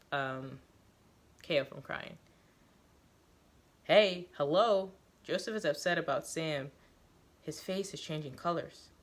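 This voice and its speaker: A woman reading a first-person story aloud, halting now and then with fillers and self-corrections. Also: low-pitched, a bit bright. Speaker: reader of a story.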